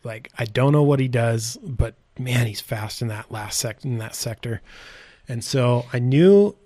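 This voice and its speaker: A man's voice: mid-range voice, measured pace, no echo. A man from South Dakota, a bike race mechanic, telling stories in a laid-back, casual way on a podcast, full of "like" and "dude". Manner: laid-back, heavy on "like" and "dude", animated retellings. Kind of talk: casual storytelling interview.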